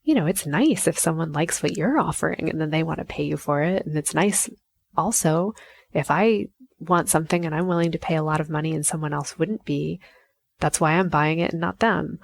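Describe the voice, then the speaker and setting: A woman's voice: low-pitched, brisk, vocal fry, no room sound. A woman in her thirties hosting a solo podcast, thinking aloud in an emotional, searching way with many fillers and restarts. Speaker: podcast host. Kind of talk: reflective solo podcast monologue.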